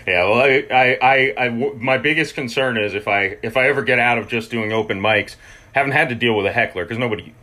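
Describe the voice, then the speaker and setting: Hesitant bright-voiced male podcast host. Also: medium pitch, brisk, a little hiss or hum. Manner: hesitant, many restarts, laughs easily. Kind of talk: casual chat.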